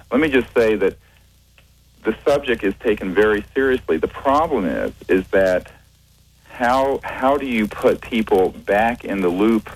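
Very deep-voiced man with halting speech. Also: poor audio. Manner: measured, hesitant, many fillers and restarts. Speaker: guest, researcher. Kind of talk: radio interview.

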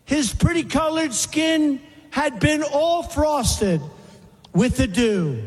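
A man slowly and deliberately reciting a poem with pauses, in a reverberant hall. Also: very high-pitched, lively intonation.

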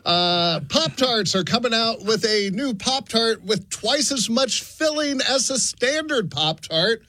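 A man with a high, bright voice rattles off a joke news segment for a radio show. His pitch swings widely as he giggles and puts on mock outrage. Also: animated, slow pace, dry recording. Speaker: comedian doing a fake news segment.

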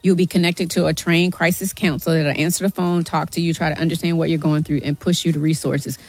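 Her voice is deep, level and darkish, and she talks fast as a guest on the radio, a middle-aged woman advocating for mental health who earnestly begs listeners, calling them y'all. There's no room sound, just a studio mic in a radio studio during this emotional interview.

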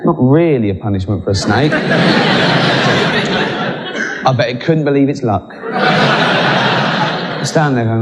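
A man's voice: mid-range voice, unhurried, pauses often, slight background noise. A man telling a stand-up comedy story in a dry, conversational way. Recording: long hall reverb.

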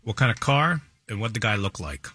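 A radio co-host who cuts in with short questions and reactions. His voice is mid-pitched with a husky edge. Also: sing-song, bright, forceful tone. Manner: asks quick questions and reacts with short remarks. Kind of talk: casual studio banter.

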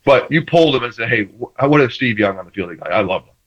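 A man's voice: mid-range voice, fast. A man in his middle register tells football stories in easygoing talk, jumping into playful voices for what he once said to referees. He restarts his sentences often as the thoughts tumble out. The sound is a little dull and lo-fi. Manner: animated storyteller, acts out quoted banter, many restarts. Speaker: former quarterback guest. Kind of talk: casual sports talk.

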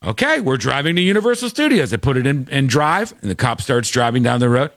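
A man's voice: mid-range voice, sing-song, quick pace, hardly any pauses, fairly bright tone, no echo. A man telling a story in casual chat, acting out the people in it with shifting voices. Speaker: podcast host.

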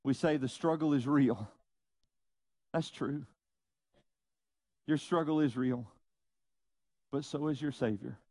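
A man preaching a sermon, slow and emphatic, with dramatic pauses and rhetorical questions. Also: on the high side, mellow, dry recording. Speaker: pastor.

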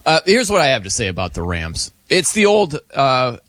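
A man hosting a casual sports talk show, animated and emphatic, laughing often. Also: mid-range voice, moderate pace, dry recording.

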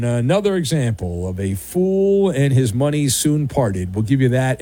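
A man's voice: a little high, moderate pace, hardly any pauses, dry recording. A man hosting a sports radio show, delivering a sarcastic, opinionated monologue with mocking asides. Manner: sarcastic, animated, mocking voices.

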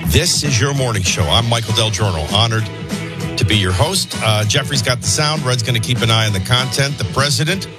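A man's voice: mid-range voice, brisk, loud music behind the voice. A man hosting a morning radio show, reading the news with opinionated, sardonic asides. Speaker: radio talk show host.

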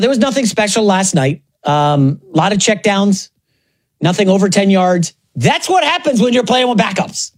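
High-voiced sarcastic male sports host. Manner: sarcastic, animated, mocks others in put-on voices. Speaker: sports talk show host. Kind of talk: opinionated sports commentary.

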